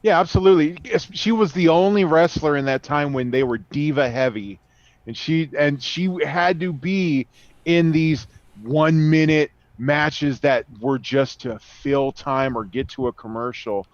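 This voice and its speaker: A man's voice: on the high side, measured pace, dry recording. A man co-hosting a podcast in casual chat, laid-back and agreeable. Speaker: podcast co-host. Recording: dry, dull lo-fi sound.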